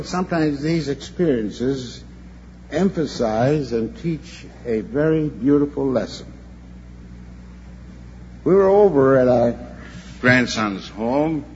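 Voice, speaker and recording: Slow, earnest older man preaching. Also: medium pitch, darkish tone. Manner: slow, earnest storytelling with halting repeats. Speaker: preacher at a church convention. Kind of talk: sermon. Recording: dull lo-fi recording with faint hum.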